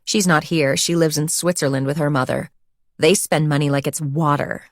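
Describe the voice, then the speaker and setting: A sardonic rich college girl, airy and dismissive, voiced by a woman narrator in a low-pitched voice. Her lines come across dry and close in a storybook reading. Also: steady tone, normal speed, no room sound, natural voice. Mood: mocking.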